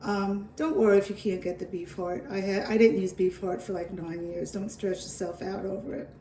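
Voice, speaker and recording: A woman's voice: mid-range voice, flat delivery, moderate pace, mellow, reverberant, recorded from a distance, poor audio. A woman with a New York accent hosting a home cooking video, chatty and reassuring as she walks through a recipe. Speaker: home cooking channel host. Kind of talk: casual cooking demonstration.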